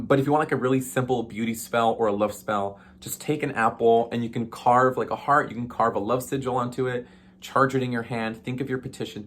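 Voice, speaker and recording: A man's voice: fairly low pitch, a bit bright, a little hiss or hum. A man hosting a casual witchcraft tutorial, chatty and playful with sassy asides and frequent ums. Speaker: witchcraft video host.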